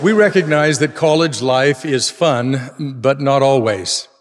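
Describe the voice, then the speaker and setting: An older man giving a gentle, humorous speech to students. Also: mid-range voice, unhurried, slight background noise. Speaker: speaker at a devotional. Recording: echoey hall.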